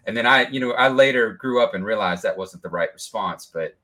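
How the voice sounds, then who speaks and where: A man with a very low voice that still sounds forceful and bright. He co-hosts a podcast and talks bluntly, with some heat. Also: fairly quick. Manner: blunt, heated. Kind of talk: casual chat.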